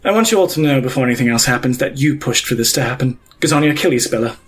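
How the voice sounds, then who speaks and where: A man voicing a vengeful woman pontiff who protects her feeding children, speaking low and measured. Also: lively intonation, husky. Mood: menacing.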